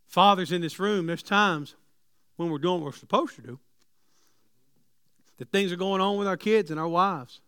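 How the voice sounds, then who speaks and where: High-voiced preacher, dry and close. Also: male voice, normal speed, pauses often, clean tone, dry recording. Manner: swings between loud preaching and soft, hushed invitations. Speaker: pastor. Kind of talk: sermon. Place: church sanctuary.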